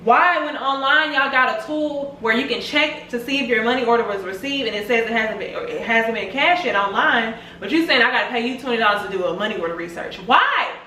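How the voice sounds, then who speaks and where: A woman's voice: a little high, fairly quick, few pauses, pushed and bright, a little hiss or hum. A young woman, venting to camera in a vlog, exasperated, swearing often and repeating herself. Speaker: vlogger. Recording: echoey room, mic at a distance.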